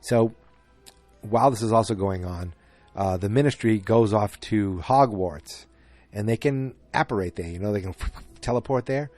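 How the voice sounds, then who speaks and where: A man hosts a podcast, casually recapping a film in a rambling way, full of fillers and restarts. His voice sits on the low side with a darkish tone and moves at normal speed. Soft music plays in the background.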